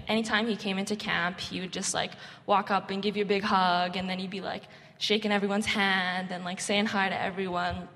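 A woman's voice: mid-range voice, a bit bright. A young woman telling stories about her time as a camp volunteer, in a chatty way full of "like" fillers. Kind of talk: casual storytelling talk. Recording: long hall reverb.

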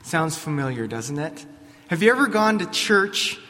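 A man pastor preaching a sermon in a church, deliberate, posing rhetorical questions to his congregation. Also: a little high, very animated, pushed and bright, long reverb tail.

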